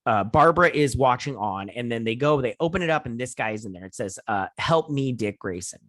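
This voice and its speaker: A man's voice: medium pitch, expressive, fast talker, fairly bright tone, no echo, studio quality. Chatty man recapping a TV episode. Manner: rambling, chatty, lots of "he's all like" retelling. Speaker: TV show reviewer and channel host. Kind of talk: casual episode recap and review.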